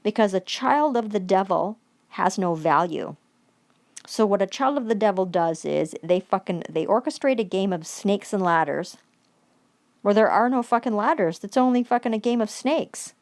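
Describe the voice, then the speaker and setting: A woman's voice: mid-range voice, animated, normal speed. Angry woman ranting at the camera, swearing nonstop, jumps into formal legalese. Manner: heated, swearing, accusatory; reads out formal demands between outbursts. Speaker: vlogger. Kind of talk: angry profane rant.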